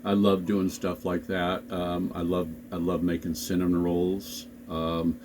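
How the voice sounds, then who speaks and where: Man, very deep voice, hesitant and halting, casual vlog chat, home bedroom, faint background hum. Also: completely flat delivery. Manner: hesitant, halting, full of ums. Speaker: vlog co-host. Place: home bedroom, sitting on the bed. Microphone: camera on a desk.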